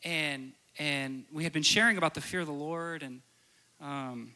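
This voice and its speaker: A man's voice: a little high, normal speed, sharp tone. A man preaching a sermon with stories, earnest and repeating phrases for emphasis. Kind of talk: sermon with storytelling.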